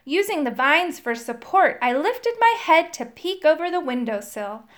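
A woman with a high voice reads a children's storybook aloud, and her pitch rises and falls a great deal from line to line. She tells the tale in the first person with an expressive storyteller's lilt. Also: normal speed. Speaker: storybook reader.

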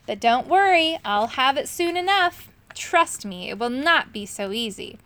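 A woman's voice: high-pitched, expressive, measured pace, bright, forceful tone, full character voice. A woman voicing a scheming male magician villain, reading with a sneering, mocking manner for a storybook. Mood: smug.

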